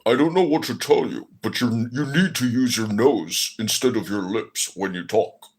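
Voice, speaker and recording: A man's voice: medium pitch, moderate pace, slightly rough. A man hosting a podcast, talking in a mocking, theatrical way. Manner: mocking, theatrical, switches into a nasal put-on voice. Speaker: podcast host. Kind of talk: prank-style comedic chat.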